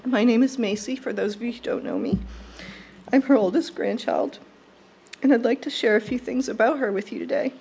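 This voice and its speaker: A young woman delivering a prepared eulogy at a funeral service, in a warm, fond and measured way. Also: on the high side, creaky, husky. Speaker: eulogy speaker.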